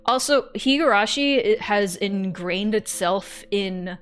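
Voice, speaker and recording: A woman's voice: mid-range voice, slow pace. Woman, let's-play co-host, casual, swearing, narrates game text, faint music. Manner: casual, swears freely, animated.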